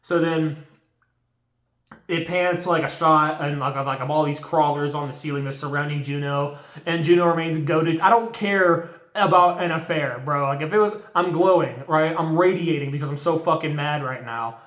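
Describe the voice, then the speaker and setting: A man's voice: on the high side, moderate pace, fairly bright tone. A young man recapping a horror movie in a casual, profane, exasperated rant full of slang. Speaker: movie reviewer. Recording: roomy echo.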